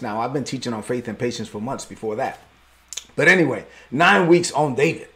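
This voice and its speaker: A man pastor preaching a sermon in a lively, conversational way with bits of slang. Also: medium pitch, brisk.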